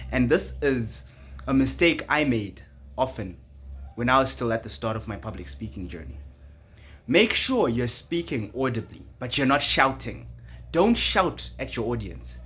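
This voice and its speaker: A young man coaching viewers on public speaking in a loose, unscripted way. His voice sits at a middling pitch but swings widely, rising and dropping to stress his points. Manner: animated, shifts pitch and loudness for emphasis. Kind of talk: casual spoken tutorial.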